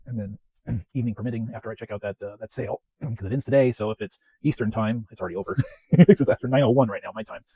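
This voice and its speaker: A man chats through his weekly vlog in a low, husky, mellow voice. He rambles casually and pokes fun at himself, pausing often to clear his throat. The sound is dry and close. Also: no echo, low-quality recording. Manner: chatty, self-deprecating, clears throat often. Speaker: home media collector vlogger. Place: home, West Coast of the US.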